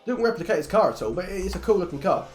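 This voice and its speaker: Lively, jokey male race commentator. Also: high voice, quick pace. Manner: jokey, blunt, swears freely. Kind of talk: live esports race commentary. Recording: roomy echo, faint music behind.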